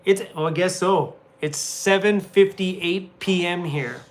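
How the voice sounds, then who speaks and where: With slight background noise behind him, a man in a hotel room speaks slowly in a high voice. He's a van-life vlogger on a live stream, casually chatting with viewers, often laughing and addressing his dog.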